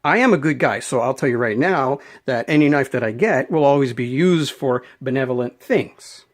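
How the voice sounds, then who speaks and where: A man's voice: medium pitch, normal speed. A man ranting unscripted to camera as a knife vlogger, emphatic and rambling, often repeating his words. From Canada.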